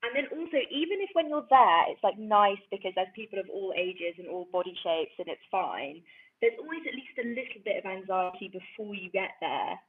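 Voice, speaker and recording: A woman's voice: mid-range voice, big pitch swings, a little fast. A young woman co-hosting a podcast, chatting casually in a playful, self-deprecating way and exaggerating for laughs. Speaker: podcast co-host. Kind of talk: casual chat. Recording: tinny phone-line sound.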